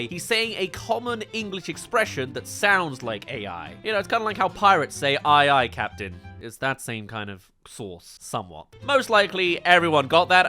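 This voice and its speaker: A man's voice: medium pitch, bright, forceful tone. A man from the UK giving an opinionated, explanatory video review of a film, with playful asides. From United Kingdom. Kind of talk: scripted video review commentary.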